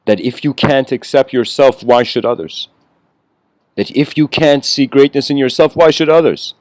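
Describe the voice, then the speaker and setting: A man giving a casual, rambling spiritual lecture, clearing his throat often and laughing between thoughts. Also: medium pitch, fairly even intonation, normal speed, no echo, studio quality.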